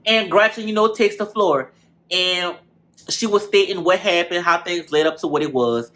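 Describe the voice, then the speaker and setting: A man recapping a reality show episode in casual, animated commentary, full of cursing and gossip, often calling the viewers y'all. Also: high-pitched, normal speed.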